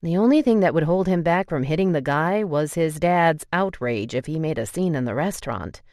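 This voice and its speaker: Low-voiced woman narrating an audiobook. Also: normal speed, dry recording, studio quality. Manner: expressive storytelling. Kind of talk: scripted narration.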